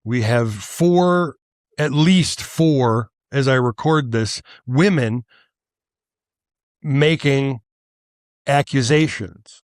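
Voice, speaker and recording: A man's voice: medium pitch, drawn-out words, long pauses, no echo, studio quality. A male podcast host delivering a heated, profane political monologue, worked up and angry, stammering and restarting as he goes.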